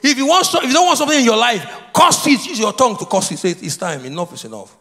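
High, lively preacher in an echoing hall. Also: male voice, rapid-fire. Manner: repetitive, prompts congregation to answer. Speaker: pastor. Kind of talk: sermon with call and response. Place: church sanctuary. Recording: long hall reverb.

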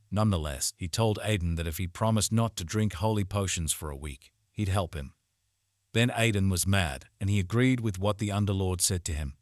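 A man's voice: low-pitched, no echo, studio quality. A man narrating a story recap, retelling events in plain reported speech.

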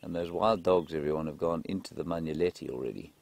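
A man giving live safari commentary outdoors in the bush, chatting through viewer questions and dropping to a hushed, excited voice when animals appear. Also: a bass voice, fast, vocal fry. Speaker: safari guide presenter. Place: outdoors in a game vehicle in the bush.

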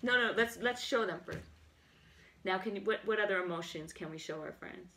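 A woman teaching a children's art lesson, explaining each step gently and praising as she goes. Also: mid-range voice, fairly quick.

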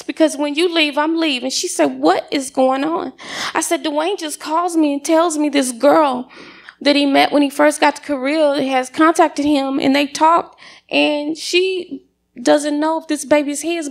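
A middle-aged woman tells her side of the story to a church congregation with animated, dramatic delivery. Her voice is high-pitched with a gravelly fry running through it. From United States. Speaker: church member giving testimony. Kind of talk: personal testimony.

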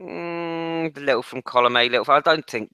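A man's voice: on the high side, brisk, pushed and bright, clean tone, dry recording. A man co-hosting a late-night football podcast, blunt and sweary, often restarting his sentences. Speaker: podcast co-host. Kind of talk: casual late-night chat.

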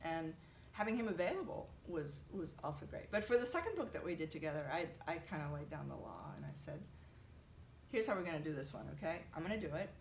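A woman being interviewed, telling an animated story with lots of fillers. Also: sits low, fast talker, echoey room, slight background noise. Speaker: translator, interviewee. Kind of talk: conversational interview.

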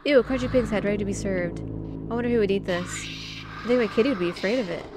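A woman's voice: medium pitch, fast, noisy background. A woman playing a horror adventure game, reading its text and dialogue aloud in her own voice and adding dry joking asides, on a studio mic. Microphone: studio condenser mic. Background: game music.

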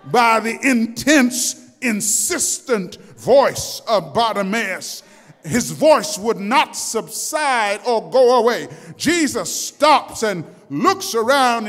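A male pastor preaching a sermon, telling a story dramatically and shouting out its cries. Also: very high-pitched, big-room sound. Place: church sanctuary.

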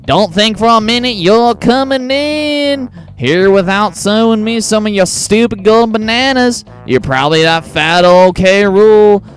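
A man's voice: high voice, measured pace, hardly any pauses, faint music behind, voice pushed up. Man doing a sneering, greedy reptile shopkeeper. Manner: sneering, insulting.

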